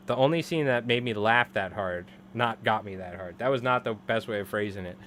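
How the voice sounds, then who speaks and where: A man's voice: medium pitch, a bit bright, slight background noise. A man in his thirties chatting casually on a live stream while tying flies, rambling and laughing often. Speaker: live-streaming fly tyer.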